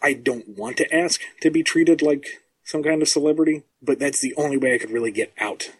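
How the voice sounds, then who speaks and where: A man who writes comics, talking as a podcast guest in a measured, self-deprecating way with frequent ums. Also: on the high side, husky. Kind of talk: casual podcast chat.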